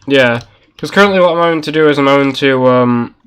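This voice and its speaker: A man's voice: medium pitch, quick pace, fairly bright tone. A man streaming a game and chatting casually with friends, rambling and swearing as he talks. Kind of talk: casual gaming chat.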